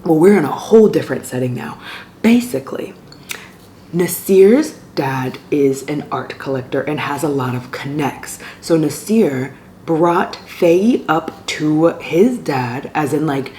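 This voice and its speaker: A woman's voice: sits low, lively intonation, unhurried, warm tone. A woman casually and animatedly retelling a romance novel's plot as a book vlogger, sometimes dropping to near-whispers. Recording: echoey room with faint ambient noise.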